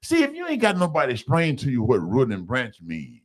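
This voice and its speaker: A man's voice: medium pitch, fairly quick. A man telling his personal recovery story in a loose, conversational way, calling his listeners y'all and acting out the voices of people he quotes. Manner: animated, acts out other people's voices in quotes.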